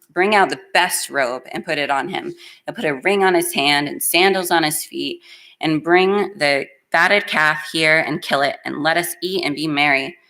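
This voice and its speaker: Low-voiced woman preaching a heartfelt sermon. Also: a bit bright. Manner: earnest, emotional, plainspoken. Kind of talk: sermon with scripture reading. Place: church.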